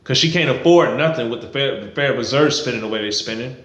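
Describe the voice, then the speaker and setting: A man's voice: mid-range voice, fast talker, a bit bright, echoey room. A man giving a heated, blunt and profane political rant to camera, repeating himself for emphasis. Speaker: political commentary vlogger. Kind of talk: ranting to camera.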